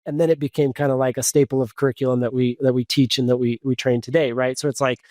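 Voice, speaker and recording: A man, a coach and podcast guest, tells a personal story in a casual, animated way, full of fillers and restarts. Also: mid-range voice, fast, dry recording.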